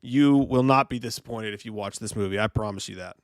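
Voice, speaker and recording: A man co-hosting a casual movie review show, swearing freely and retelling scenes with animated, acted-out quotes. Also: lowish voice, fairly quick, smooth, no room sound, clean studio sound. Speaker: podcast co-host.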